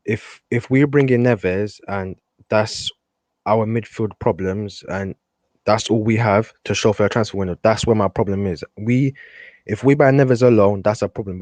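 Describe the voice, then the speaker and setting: A man calling in to a football show, giving his opinion quickly and earnestly, point by point. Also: fairly low pitch, a little mellow, no room sound. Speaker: caller, football fan. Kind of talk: casual call-in opinion.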